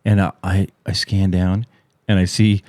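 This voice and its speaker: A middle-aged man hosting a podcast, telling a profane, animated story in casual chat. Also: measured pace, no echo, clean studio sound. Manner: profane, animated storyteller, voice jumps high and loud when acting out shouts. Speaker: podcast host.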